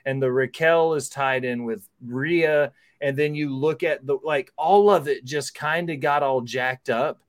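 A man's voice: medium pitch, a little slow, hardly any pauses, no room sound, studio quality. A man guesting on a wrestling podcast, joking, teasing and swearing casually as he chats. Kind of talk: casual wrestling review chat.

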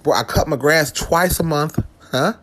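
A man's voice: on the high side, moderate pace, a bit bright. A man ranting to the camera in a profane comic vlog, with lots of swearing, restarts and asides. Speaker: vlogger.

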